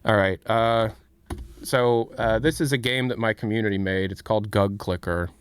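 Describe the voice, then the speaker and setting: A man's voice: on the low side, fairly even intonation, moderate pace, smooth. A man hosting a casual livestream, rambling as he answers chat questions. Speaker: streamer and host.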